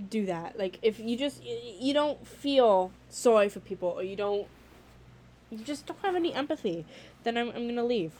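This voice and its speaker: A woman's voice: on the high side, expressive, normal speed, darkish tone. Blunt young woman vlogging casually. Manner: candid, blunt, swears freely, lots of "like". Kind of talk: casual vlog talk.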